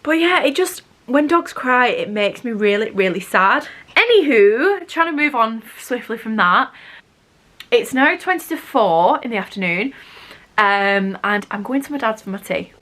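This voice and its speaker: Young girl vlogging from her bedroom, rambly and self-deprecating, slightly high voice. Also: expressive, a little slow, fairly bright tone. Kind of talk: casual chat to camera. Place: bedroom at home.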